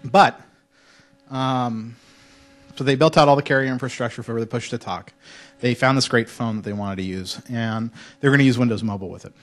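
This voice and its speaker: A man speaking at a conference before a student audience, relaxed and conversational. He tells anecdotes with a joking touch and now and then slips into playful put-on voices, his pitch sitting at an ordinary middle. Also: a little fast. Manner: casual, joking storyteller with mock French voices. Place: lecture hall.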